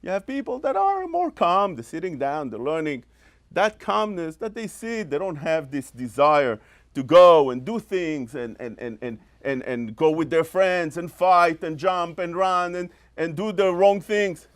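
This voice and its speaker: Rabbi guy preaching, high voice that jumps all over. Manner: animated preaching, mimics scolding parents, quotes Hebrew rapidly. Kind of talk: sermon.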